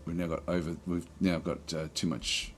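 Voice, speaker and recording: A man offers relaxed let's play commentary on a strategy game, thinking out loud with lots of fillers and restarts. His voice sits low at a moderate pace, with a little hiss or hum in the recording.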